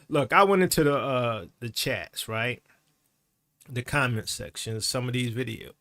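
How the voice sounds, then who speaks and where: A man giving opinionated commentary in an animated, sarcastic way, often tagging lines with "right?". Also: mid-range voice, moderate pace.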